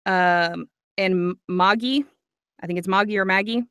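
A woman's voice: medium pitch, normal speed, a bit bright, smooth, no echo, studio quality. Chatty, giggly woman narrator. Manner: chatty and giggly, nerdy about accents. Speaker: audiobook narrator. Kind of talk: casual chat on a livestream.

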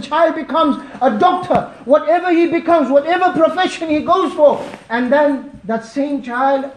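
Impassioned preacher, high voice, echoey mosque. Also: male voice. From Malawi. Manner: impassioned, pleading, rises to near shouting. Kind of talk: emotional Friday sermon.

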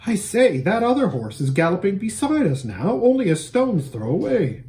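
A man's voice: high voice, sing-song, normal speed, a little mellow, voice pushed up. A man voicing a curious, nervous young boy in a storybook reading, asking eager, anxious questions. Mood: alarmed.

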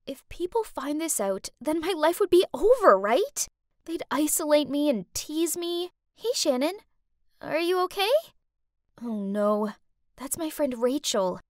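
Expressive high-voiced woman narrator. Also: measured pace, no room sound, studio quality. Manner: expressive, dramatic first-person storytelling. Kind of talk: scripted narration of an animated story.

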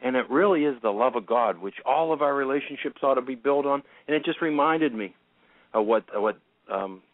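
An earnest man co-hosting a Christian radio show gives a short, preacherly reflection, quoting chapter and verse. He comes through a narrow phone line with a dry, close sound. His voice sits at a middle pitch. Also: animated, fairly quick, no room sound. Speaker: radio co-host.

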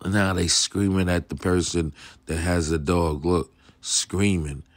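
Gruff, profane man ranting about dogs. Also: low voice, steady tone, slow pace, no echo. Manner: blunt, profane, street slang. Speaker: dog channel host. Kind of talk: casual commentary reacting to a video.

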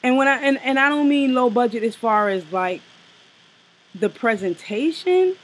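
A woman co-hosting a casual review chat, blunt and animated, with slang and profanity. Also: on the high side, normal speed, poor audio. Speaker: co-host reviewing a TV special.

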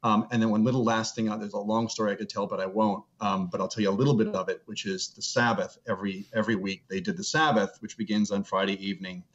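A low-pitched middle-aged man talks over a video call, his voice dull and lo-fi. He speaks earnestly as an interview guest and tells personal stories. He slows down to stress a point. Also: little pitch movement. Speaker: guest, seminary professor. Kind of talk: reflective interview storytelling.

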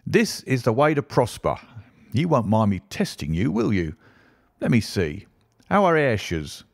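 A man voicing a brisk, flattering middle-aged financial agent who talks in a clipped, persuasive way, in an audiobook. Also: medium pitch, vocal fry, dry recording, studio quality, exaggerated voice. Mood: eager. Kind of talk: audiobook character reading.

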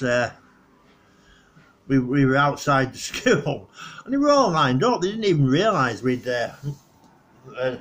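A man's voice: medium pitch, a bit bright, slightly rough. A middle-aged man, rambling casually through old memories on his vlog and laughing at his own stories. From northwest England. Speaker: vlogger.

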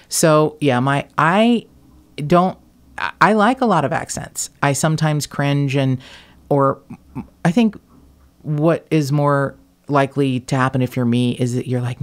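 A woman from the United States hosts a casual podcast chat. Her voice carries a gravelly fry, and she rambles in a self-mocking, joking way, with swearing here and there. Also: a bass voice. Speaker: podcast host.

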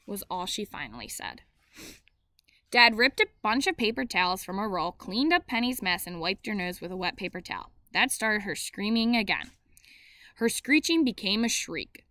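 A woman reading a novel aloud in steady first-person narration, with small slips she corrects as she goes. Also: medium pitch, moderate pace, dry recording.

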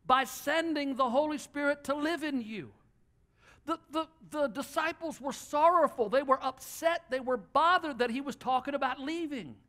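A pastor preaching a sermon from a church platform, animated and joking, acting out little dialogues for his congregation. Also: very high voice.

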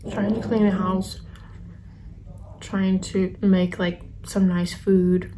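A young woman speaks in a soft, halting, confessional way, pausing often with ums. Her voice is mellow and warm and stays fairly level in pitch. A faint hum of room noise sits under her voice. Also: little pitch movement. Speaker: vlogger. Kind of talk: personal storytelling while eating.

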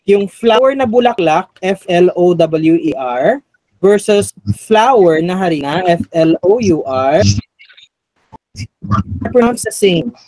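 A man's voice: high-pitched, animated, unhurried, a little mellow, no echo, poor audio. Filipino male teacher quizzing a class. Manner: quizzing a class, mixing in Tagalog. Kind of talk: classroom review lecture.

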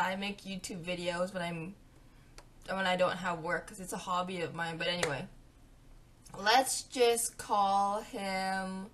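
A young woman vlogging a storytime, chatty and animated, acting out what her friends said. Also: medium pitch, a little hiss or hum. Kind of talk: storytime vlog.

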